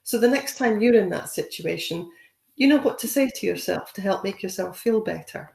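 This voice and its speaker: A woman's voice: mid-range voice, lively intonation, normal speed, creaky, a little mellow, echoey room. A woman giving a conversational training webinar, encouraging and full of "you know" fillers. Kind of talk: webinar talk.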